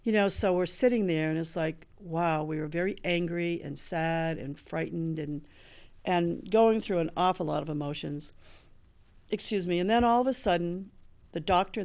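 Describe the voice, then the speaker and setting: On the low side, creaky and a little mellow, the voice is that of an older woman in recovery hosting a show. She earnestly relates a personal story, acting out what others said in quotes.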